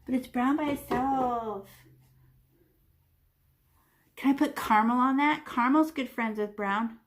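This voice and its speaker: A woman leads a children's painting lesson, describing each brushstroke as she makes it. Her voice sits a little high and stays playful, with whooshes and small sound effects as she demonstrates. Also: a little slow. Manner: talks while painting, demonstrating step by step. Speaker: art teacher.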